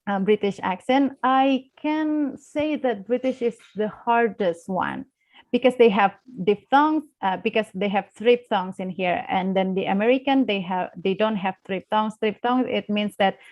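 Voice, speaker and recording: Indonesian-accented young woman guest, hesitant and full of fillers, mid-pitched voice. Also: a little slow, a little mellow, highs cut off. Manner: hesitant, many fillers and restarts. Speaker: guest speaker on English accents. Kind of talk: live online class discussion.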